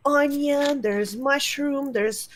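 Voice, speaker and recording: A woman co-hosting a live stream, chatting in an excitable, playful way. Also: sits high, takes it slowly, slight background noise. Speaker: stream co-host. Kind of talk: casual stream chat.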